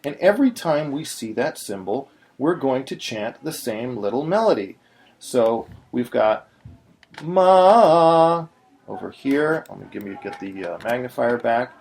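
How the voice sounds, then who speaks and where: A man's voice: medium pitch, expressive, moderate pace, creaky, a little mellow, slight background noise. A man teaching in a patient, explanatory way, now and then breaking into short sung syllables. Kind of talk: screen-recorded tutorial.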